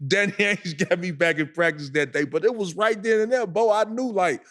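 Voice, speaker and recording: A man, co-hosting a podcast and telling an animated story full of acted-out quotes. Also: high voice, fairly quick, few pauses. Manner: animated storyteller, acts out quotes, laughs a lot. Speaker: podcast co-host. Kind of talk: casual storytelling.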